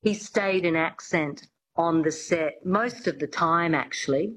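A woman's voice: fairly low pitch, a little slow, a bit bright, a little hiss or hum, rough recording. A woman, a coach chatting as an interview guest, with lots of restarts and fillers. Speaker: accent coach.

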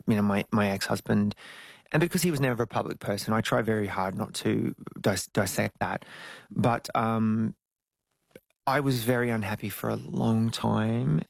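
A man, telling stories as an interview guest, jumping into high squeaky tones when he jokes. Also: vocal fry, no room sound. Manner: animated storytelling, jumps to high squeals when joking. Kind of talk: casual interview chat.

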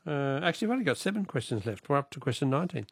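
A man's voice: mid-range voice, sing-song, very fast, vocal fry, husky, no room sound, clean studio sound. A man with an Australian accent hosting a radio call-in quiz, chatting with callers and reading out the questions. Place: radio studio.

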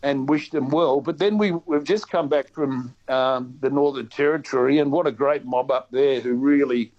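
A man with an Australian accent, a guest in a casual radio chat who talks in a chatty, animated way and often restarts his sentences. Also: medium pitch, normal speed. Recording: dull lo-fi sound.

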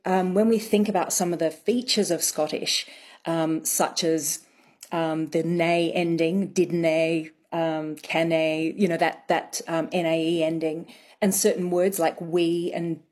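A woman accent coach, a radio interview guest, explaining thoughtfully with frequent pauses and ums. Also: on the low side, darkish tone.

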